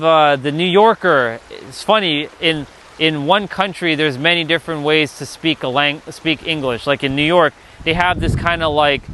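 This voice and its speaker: A man's voice: on the high side, pushed and bright, a little hiss or hum. A man hosting a casual spiritual livestream, rambling loosely, reading the chat and swearing now and then.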